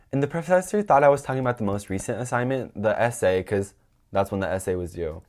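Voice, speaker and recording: A young man hosting his own podcast, telling a story in a rambling, animated way, full of "like" and swearing. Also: on the low side, quick pace. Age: young adult. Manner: acts out quoted people in a raised voice. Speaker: podcast host. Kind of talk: casual storytelling monologue.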